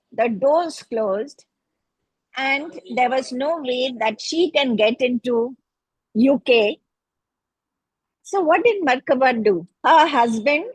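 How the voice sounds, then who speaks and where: A woman's voice: a little high, slightly rough, dry recording, poor audio. A middle-aged woman with an Indian English accent giving a fervent, grateful spoken testimonial about a healing practice.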